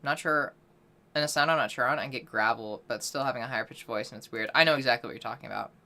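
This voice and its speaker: Deep-voiced woman streamer, bright tense edge, swears a lot, chats w/ viewers about voice training. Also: fast, vocal fry. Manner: loose, chatty, swears casually, reads out chat; self-deprecating, apologetic about being out of practice. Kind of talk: casual livestream chat during voice training.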